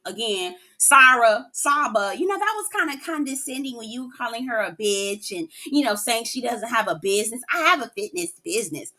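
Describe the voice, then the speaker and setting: A woman recapping a reality show in a sassy, animated way, cussing freely and calling her listeners "girl.". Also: fairly high pitch, normal speed.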